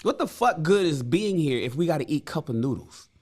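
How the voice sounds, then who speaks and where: A man's voice: on the high side, sing-song, brisk, a little mellow. Guy playing a broke chariot maker venting, cussing and slangy, voice jumps all over the place. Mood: exasperated. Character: frustrated working-class male chariot builder. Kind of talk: comic slang retelling of a parable.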